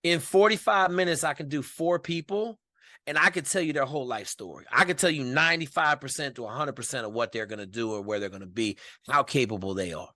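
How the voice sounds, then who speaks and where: A man as a podcast guest, telling stories in a colloquial, emphatic, animated way. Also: medium pitch, fairly quick, no room sound, clean studio sound. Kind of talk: casual storytelling interview.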